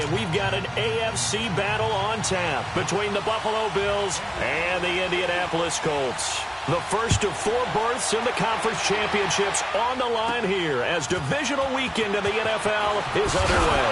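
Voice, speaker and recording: Football play-by-play, high voice, energetic, heavy background noise. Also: male voice. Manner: energetic, rising with the action. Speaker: play-by-play announcer. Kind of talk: sports play-by-play commentary. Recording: game audio under loud noise.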